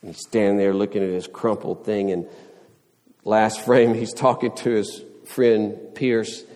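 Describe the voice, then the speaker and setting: A man's voice: lowish voice, flat delivery, a little slow, mellow, long reverb tail. A man preaching a sermon, earnest, pressing his points with rising questions and everyday illustrations. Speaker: pastor.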